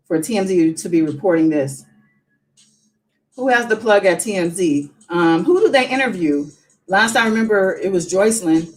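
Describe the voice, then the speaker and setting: A woman's voice: medium pitch, rough recording. A woman hosting a casual live stream, chatting and musing as she reads news aloud with her own asides.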